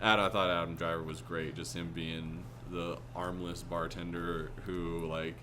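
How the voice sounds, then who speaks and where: A man's voice: low-pitched, level tone, unhurried, noisy background. A man co-hosting a podcast, giving his views on a film in a rambling, hesitant casual chat with many fillers. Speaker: podcast co-host. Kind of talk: casual movie review chat.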